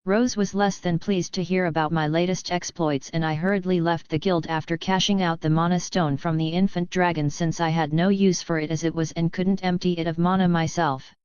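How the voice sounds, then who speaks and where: Smooth lowish woman narrating a novel. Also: steady tone, fairly quick, hardly any pauses, a little mellow, no echo, lo-fi sound. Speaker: audiobook narrator. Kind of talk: scripted first-person narration.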